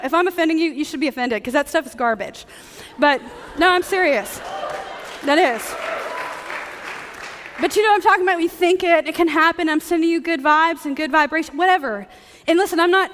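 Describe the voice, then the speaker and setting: A woman with a high voice preaches a sermon, moving between earnest teaching and quick, joking asides to the congregation. Her words ring out with the long reverb of a church hall. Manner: lively, conversational, joking asides. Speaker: teaching pastor. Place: church sanctuary.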